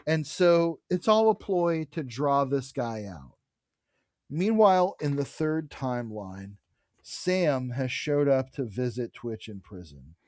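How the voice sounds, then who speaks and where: A man co-hosting a podcast, retelling a comic book's plot in animated bursts and swearing freely. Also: medium pitch, slow pace, no room sound, clean studio sound. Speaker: podcast co-host. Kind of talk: casual comic book discussion.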